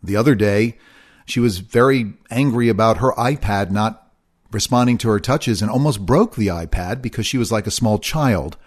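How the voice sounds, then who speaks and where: A middle-aged man hosting a solo podcast, talking in an earnest, confessional way and repeating his phrases. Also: mid-range voice. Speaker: podcast host.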